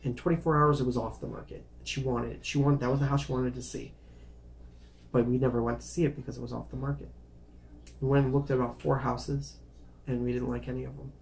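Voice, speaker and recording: A vlogger tells his life story to the camera, speaking fast in a medium-pitched, gravelly, darkish voice that barely rises or falls. He rambles casually, repeats words, restarts phrases, and apologizes whenever he drifts off track. A faint hiss or hum sits under the recording.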